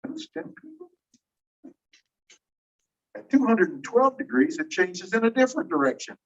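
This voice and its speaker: A man gives a classroom lecture, explaining ideas step by step and asking his students questions. His very high-pitched voice swings widely at a moderate pace, captured in a distant, dull room recording.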